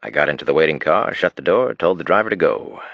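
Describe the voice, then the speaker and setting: Deep, gravelly male narrator for an audiobook, lively delivery, dry sound. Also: fast, no room sound. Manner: expressive reading, drops to a hushed tone in romantic passages. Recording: dull dry studio recording.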